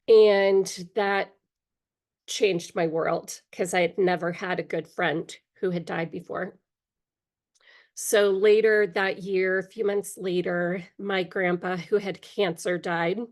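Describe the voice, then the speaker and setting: A middle-aged woman, a guest in an interview, telling a personal story candidly, pausing often and clearing her throat now and then from allergies. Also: lowish voice, fairly even intonation, a little mellow. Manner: candid, halting, with frequent pauses and fillers.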